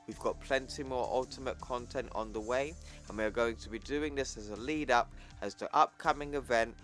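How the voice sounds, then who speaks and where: Casting: young male comic reviewer, relaxed and slangy, faint music underneath. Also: mid-range voice. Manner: chatty and slangy, with asides to viewers. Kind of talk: casual comic recap narration.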